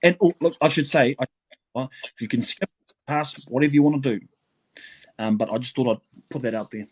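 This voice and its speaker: A New man hosting a casual chat, asking relaxed questions. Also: mid-range voice, fairly quick, husky. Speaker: host.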